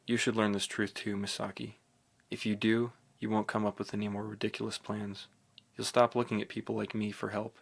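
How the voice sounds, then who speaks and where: A man reads a novel aloud in the first person, steady and brooding. His voice sits low with a gravelly edge, and the pitch barely moves. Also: a little fast. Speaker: audiobook narrator.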